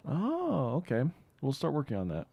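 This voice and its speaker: A man's voice: a little high, wildly swooping pitch, normal speed, gravelly, breathy edge, no room sound, lo-fi sound. A man streaming a video game, chatting casually and thinking aloud as he plays. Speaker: gaming streamer. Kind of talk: casual gameplay commentary.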